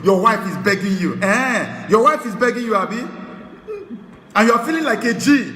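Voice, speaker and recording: A Nigerian man preaching a sermon, swinging between shouts and hushed, pointed warnings. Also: high voice, expressive, normal speed. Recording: echoey hall with long reverb.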